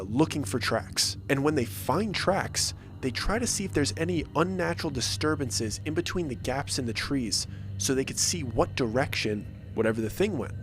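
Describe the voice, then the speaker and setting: A man narrating a first-person scary story in an animated, suspenseful way, acting out the dialogue as he goes. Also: fairly high pitch, a little hiss or hum.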